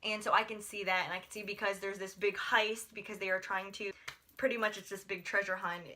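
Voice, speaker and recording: A woman's voice: medium pitch, fairly even intonation, brisk, bright, forceful tone. A young woman from the United States chatting through a book review, gushing and rambling with lots of filler words. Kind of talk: casual book review vlog.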